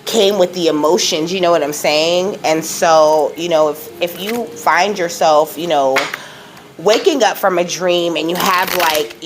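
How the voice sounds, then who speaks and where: A woman hosting her own spiritual channel, talking casually and emotionally, filling every pause with "you know" and "okay?". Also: on the low side, background noise. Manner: rambling, says "you know" and "okay?" constantly, laughs often; emotional, close to tears at times. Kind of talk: casual spiritual vlog talk.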